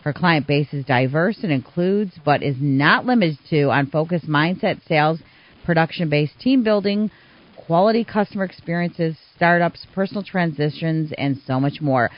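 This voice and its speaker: A woman hosting a community radio interview show, telling stories in an animated way. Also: low-pitched, normal speed, no room sound. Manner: animated storyteller, acts out quoted voices. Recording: dull, slightly muffled radio sound.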